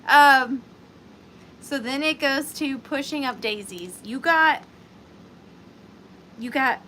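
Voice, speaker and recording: A woman's voice: sits high, pushed and bright, slight background noise. A woman hosting a live online sale, chatting playfully with viewers and calling them by name. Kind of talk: chatty live-stream selling.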